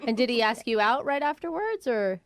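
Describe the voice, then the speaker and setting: A woman co-hosting a morning radio show, playful and quick to laugh. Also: fairly high pitch, big pitch swings, no echo, clean studio sound. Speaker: radio co-host.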